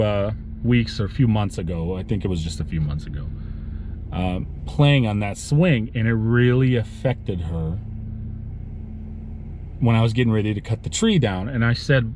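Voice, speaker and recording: A man telling a sad story from his work in a vlog while driving, speaking haltingly with many restarts. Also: lowish voice, lively intonation, a little mellow, a little hiss or hum. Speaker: lawn care business owner vlogging.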